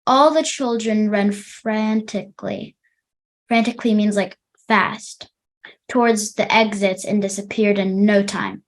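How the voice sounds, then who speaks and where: A young woman teaching English to children, reading a storybook aloud and pausing to explain words. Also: mid-range voice, steady tone.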